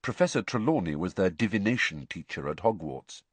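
Husky low male audiobook narrator. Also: fairly quick, dry recording. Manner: expressive storytelling.

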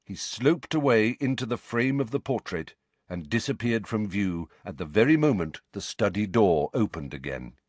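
A man narrating a story in a measured, expressive way. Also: lowish voice, no room sound. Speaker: audiobook narrator. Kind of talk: scripted narration.

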